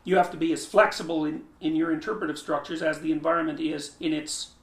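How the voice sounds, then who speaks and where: A man's voice: a little high, steady tone, fast talker. Man lecturing in an echoey room. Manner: restarts phrases, thinks aloud, emphatic. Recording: roomy echo.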